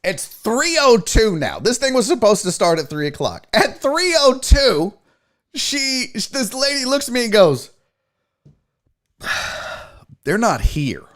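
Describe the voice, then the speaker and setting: A man hosting a sports talk show, telling a story in a casual, profane, animated way and acting out what others said. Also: extremely high pitch, a little slow. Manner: animated, profane, acts out quotes. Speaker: podcast host.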